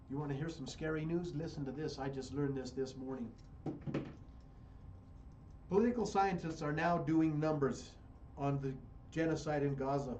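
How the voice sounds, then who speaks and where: Slight background noise sits under this American man's high-ish, dark-toned voice. Hosting a radio show, he gives heated political commentary and hammers home points by repeating phrases.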